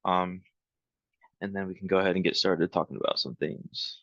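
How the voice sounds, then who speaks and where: Deep-voiced man leading a software webinar. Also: normal speed, gravelly, dry recording, muffled recording. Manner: relaxed, rambling, many ums. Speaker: webinar trainer. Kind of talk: live software training webinar.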